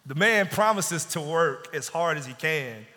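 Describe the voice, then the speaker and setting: A man's voice: fairly high pitch, expressive, measured pace, bright, forceful tone. A man preaching a sermon as pastor, building in intensity and dropping into pleading asides. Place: church sanctuary. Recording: long church reverb.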